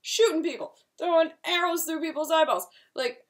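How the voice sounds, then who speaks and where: A woman's voice: very high voice, normal speed. A woman talking casually as a horror movie reviewer, filling her speech with "like" and swearing bluntly. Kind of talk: casual chat.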